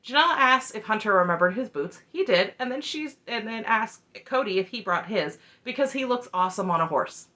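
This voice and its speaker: A woman's voice: fairly high pitch, animated, brisk, few pauses, pushed and bright, lo-fi sound. A woman casually recapping a reality show, chatty and opinionated, often tossing in "just saying.". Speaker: recap vlogger.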